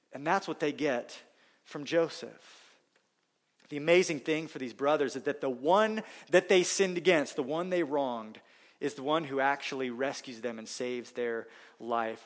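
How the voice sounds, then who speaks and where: A middle-aged pastor delivers a sermon in an earnest, steady way. His voice sits a little above the usual male pitch. He leans into key phrases with strong emphasis before settling back.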